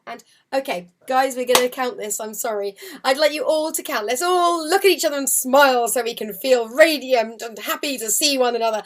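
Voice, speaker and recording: High-voiced woman teaching harp. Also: brisk, loud music behind the voice. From United Kingdom. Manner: encouraging, counts rhythms aloud and sings notes. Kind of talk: online group music lesson. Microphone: video call setup. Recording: loud harp playing behind the voice.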